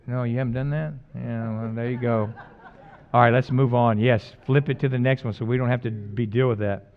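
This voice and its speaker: Casting: middle-aged man, pastor, folksy storyteller, mid-pitched voice, slightly muffled recording. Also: steady tone, fairly quick, clear, resonant tone. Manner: folksy, jokey, swings between loud emphatic preaching and quiet asides. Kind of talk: conversational sermon with stories.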